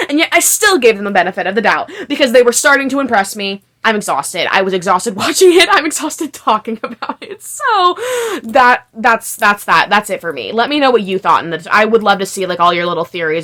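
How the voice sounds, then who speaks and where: Bright-voiced young woman ranting. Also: mid-range voice. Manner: frustrated, swearing, many fillers. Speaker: video creator. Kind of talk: ranting vlog review.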